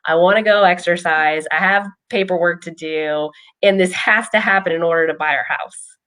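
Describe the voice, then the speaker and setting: A woman's voice: on the low side, moderate pace, fairly bright tone. A woman speaking as a behavioral health clinician, casually telling a personal story with frequent ums. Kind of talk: casual explanatory chat.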